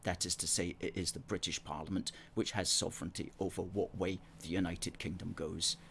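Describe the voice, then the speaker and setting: A man's voice: low-pitched, flat delivery, brisk, creaky, a bit bright, slight background noise. A man hosting a live talk show, arguing his case earnestly and reading viewer comments aloud into a table microphone. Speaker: host.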